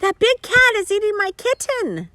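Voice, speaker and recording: A woman voicing a cheerful, literal-minded young housekeeper in a storybook read-aloud, raising her voice high and bright. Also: wildly swooping pitch, moderate pace, dry recording, full character voice. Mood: alarmed.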